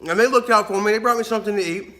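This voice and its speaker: A man talks to his camera in a loose, rambling vlog, laughing between sentences and swearing freely. His voice sits high for a man and has a bright, sharp edge. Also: rapid-fire. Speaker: vlogger. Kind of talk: casual vlog storytelling.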